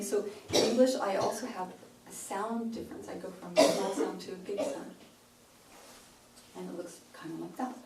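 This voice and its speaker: A woman's voice: mid-range voice, moderate pace. Woman coaching from across a room. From Canada. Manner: demonstrative, chops phrases into short chunks. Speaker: pronunciation coach. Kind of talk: workshop talk. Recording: roomy sound from a distant mic, faint hiss.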